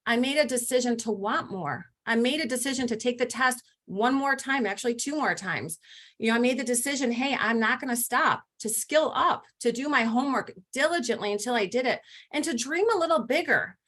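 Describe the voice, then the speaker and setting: A woman leading a team call with an energetic, rallying motivational talk, speaking to her listeners directly over a video call. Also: fairly high pitch, fairly quick. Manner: energetic, rallying, addresses listeners as "you guys". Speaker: team leader.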